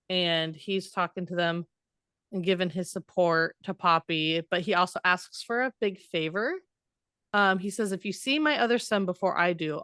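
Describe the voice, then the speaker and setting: A woman co-hosting a podcast, retelling a fantasy novel in a loose, animated way and laughing along. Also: lowish voice, clean tone, dry recording, studio quality. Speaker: podcast co-host. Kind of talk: casual book discussion.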